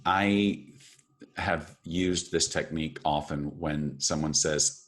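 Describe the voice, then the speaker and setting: An earnest man with an extremely low, deep voice, co-hosting a reflective conversation. He talks in an encouraging way and circles back to key phrases for emphasis. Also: fairly even intonation, normal speed, fairly bright tone. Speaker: podcast co-host.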